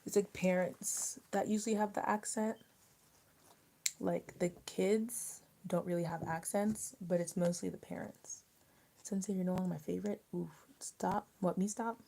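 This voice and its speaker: A young woman from Maryland hosting a live stream, chatting casually and answering viewer comments out loud while she eats. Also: lowish voice, fairly even intonation, normal speed, gravelly. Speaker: livestream host.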